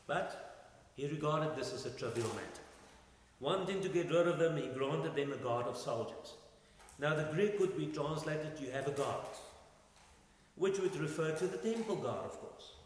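A man preaching a sermon, swinging between loud and soft and asking rhetorical questions. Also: on the high side, expressive, moderate pace, slight background noise. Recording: echoey hall with long reverb.

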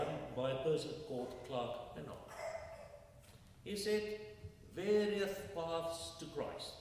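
A man preaching a sermon, emphatic and fond of rhetorical questions put to his congregation. His voice sits at an everyday pitch and comes from some way off the mic. A long, booming hall reverb and a faint hiss of room noise surround him. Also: a little mellow, recorded from a distance.

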